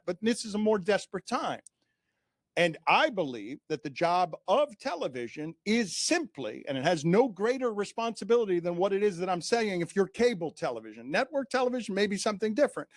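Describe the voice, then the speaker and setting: A man giving measured, point-by-point commentary on the television business as a podcast guest. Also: fairly high pitch, dry recording, studio quality. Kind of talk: analytical sports media commentary.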